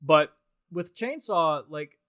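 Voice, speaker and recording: A man's voice: fairly high pitch, expressive, slow pace, a bit bright, no echo, studio quality. A man giving a casual, rambling commentary track on a film, talking in a loose, conversational way. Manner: rambling, conversational, with many fillers and restarts.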